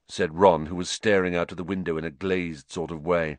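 A man reading a story aloud in an expressive, measured way. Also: low voice, dry recording. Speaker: audiobook narrator. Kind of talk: scripted narration.

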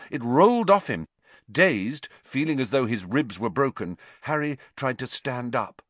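A man's voice: mid-range voice, a bit bright, dry recording. A man narrating a fantasy novel as an audiobook in a dramatic, tense storytelling manner.

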